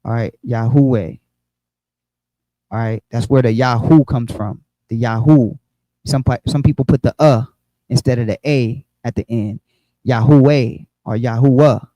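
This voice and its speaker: A man's voice: medium pitch, measured pace, warm tone, dry recording, low-quality recording. A man teaching an online Bible study, explaining with frequent restarts and repeated words.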